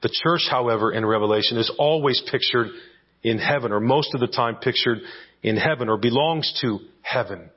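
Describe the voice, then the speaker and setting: A man's voice: medium pitch, moderate pace, slightly rough, highs cut off. A man preaching an expository sermon as pastor, teaching verse by verse and checking in with his listeners with rhetorical questions.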